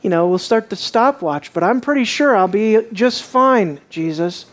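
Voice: expressive, normal speed, close to an everyday voice. A preacher voicing the disciple Peter as a boastful, overconfident man insisting he will stay loyal, in a sermon retelling. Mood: breezy, cocky. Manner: protesting, insistent, rising to a high strained pitch. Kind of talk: sermon retelling with acted quotes.

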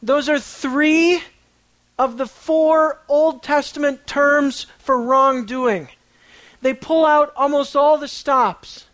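Lively preacher with dry, close sound. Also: high voice, slow pace, no room sound. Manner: lively and conversational, often asking the listeners questions; tells the story with dramatic swings between quiet and excited. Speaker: preacher teaching a Bible passage. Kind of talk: conversational sermon.

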